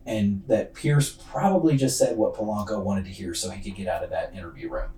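A man's voice: fairly low pitch, a little fast, warm tone, a little hiss or hum. A man hosting a podcast who tells a true-crime story casually, with loose slang and a lot of fillers. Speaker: podcast host. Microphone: laptop's built-in mic. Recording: distant roomy computer-mic recording.

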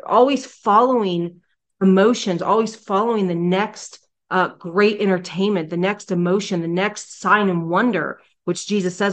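A woman teaching a devotional Bible study into a podcast microphone. She speaks in a mid-pitched, emphatic and animated way, restarting phrases as her thoughts run ahead of her words. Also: normal speed.

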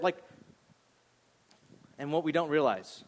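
A male pastor preaching a sermon in a casual, conversational way, acting out voices and dropping soft and low on serious points. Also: moderate pace, pauses often. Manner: conversational, animated, acts out voices, drops to a near whisper on serious points.

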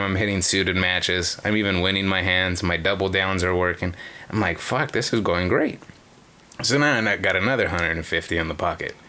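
Deep, bright-toned man, casual and profane storyteller recounting gambling nights. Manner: profane, rambling, many fillers. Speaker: caller sharing casino stories.

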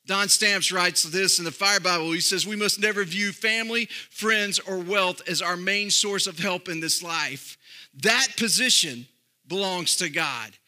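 A man's voice: sits high, a little slow, sharp tone. A middle-aged male pastor preaching a sermon, with emphatic, sung-out phrases that rise and fall.

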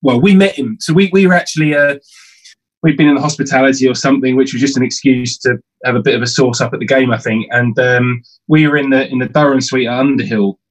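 A man hosting a casual chat, recalling a story with frequent pauses and fillers. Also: medium pitch, steady tone, low-quality recording. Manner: rambling, hesitant with fillers.

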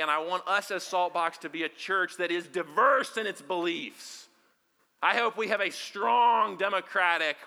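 A male pastor preaching a sermon to his congregation, shifting from hushed near-whispers to loud, emphatic lines and leading the room in call-and-response. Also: a little high. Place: church service before a congregation.

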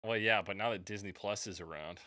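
A man's voice: lowish voice, brisk, pushed and bright. A man from Canada co-hosting a podcast, chatting casually and joking wryly, swearing now and then. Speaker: podcast co-host. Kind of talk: casual chat.

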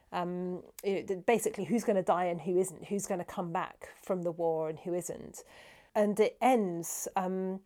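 A woman cellist and music scholar explaining a song, animated and often restarting her sentences. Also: fairly low pitch, moderate pace.

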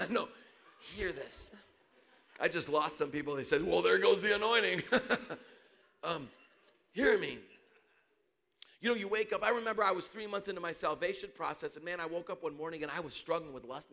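A middle-aged man preaching a sermon, telling a personal story with animated delivery and sudden shouts. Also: fairly high pitch, gravelly.

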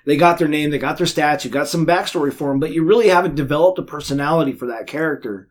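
A man's voice: fairly high pitch, fast talker. A man hosting a casual podcast chat about tabletop gaming, playful and fond of puns. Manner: playful, punning.

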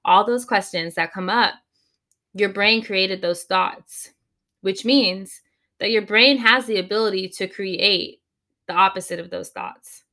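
A woman coach talking as a podcast guest, giving advice in an animated way and slowing down to stress her points. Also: mid-range voice. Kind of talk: podcast interview, conversational advice.

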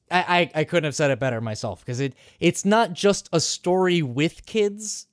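A man's voice: a little high, no room sound, clean studio sound. A man hosting a podcast, recapping a game in casual chat, swearing freely, laughing often and rambling with restarts. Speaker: podcast host.

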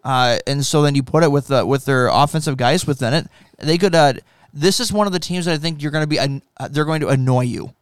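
Male co-host, halting and thoughtful delivery, smooth clean tone. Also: a little high, no room sound, clean studio sound. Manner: halting, many fillers and restarts. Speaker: podcast co-host. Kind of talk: casual sports chat.

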